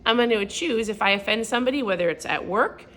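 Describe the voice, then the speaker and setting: A woman's voice: fast, a little hiss or hum. A middle-aged woman talking casually to her viewers from home, telling a self-deprecating story and acting out what people said, laughing often. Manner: animated storytelling, acts out quotes with big pitch jumps. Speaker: lifestyle vlogger. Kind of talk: casual motivational talk to camera.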